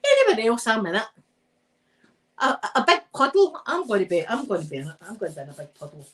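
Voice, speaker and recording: Chatty Scottish woman with a lively pitch. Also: quick pace, rough recording. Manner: chatty, laughing, rambling storyteller. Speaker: live streamer. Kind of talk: casual chat while ironing.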